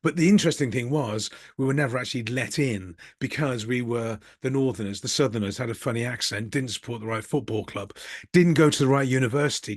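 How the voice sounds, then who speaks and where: A man's voice: mid-range voice, dry recording, studio quality. A middle-aged man with a Birmingham accent, talking candidly and a bit ramblingly in a casual reflective monologue, with a self-deprecating streak. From Birmingham, England. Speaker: business coach and channel host.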